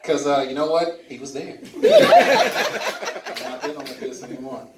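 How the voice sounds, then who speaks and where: A man in his forties from Louisiana doing stand-up comedy and crowd work, animated and loud. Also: medium pitch, measured pace, roomy sound, far from the mic, very noisy. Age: 40s. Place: comedy club with laughing audience.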